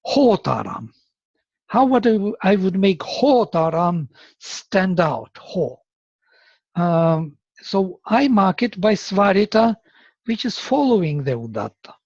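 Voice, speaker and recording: A man lecturing slowly and deliberately, explaining terms with chanted examples. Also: sits high, expressive, darkish tone, dry recording. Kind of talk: university lecture. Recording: dull, lo-fi lecture recording.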